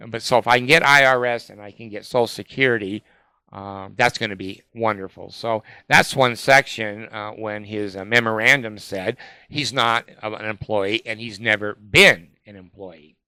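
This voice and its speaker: An older man telling a rambling, profane personal story with many fillers, and he jumps up in pitch when he quotes other people. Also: normal speed, sharp tone, clear, resonant tone, no echo. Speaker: vlogger telling of his legal dispute.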